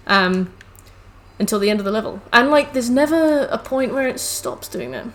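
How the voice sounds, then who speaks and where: Her voice is fairly high and bright, expressive, and moderately paced. She's a woman streaming a game from her home on a headset mic, talking chattily to viewers and scolding her cats between remarks about the game.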